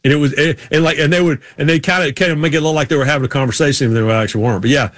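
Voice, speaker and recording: Middle-aged man, rambling sports-show storyteller, slightly high voice, dry close sound. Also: fairly even intonation, rapid-fire, a bit bright, no room sound. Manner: rambling storytelling with folksy Southern drawl impressions. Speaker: co-host. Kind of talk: casual sports talk show chat.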